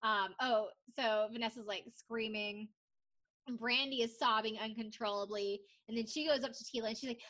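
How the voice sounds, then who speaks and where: A young woman co-hosting a casual podcast recaps a reality TV story, speaking at a moderate pace in a voice on the high side. She tells it animatedly, swearing freely and acting out the quotes.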